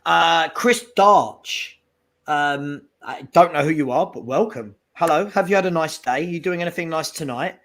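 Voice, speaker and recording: Guy co-hosting a footy fan stream, animated, reads chat out, fairly high voice. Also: moderate pace. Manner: animated, calls out trolls in chat. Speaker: co-host.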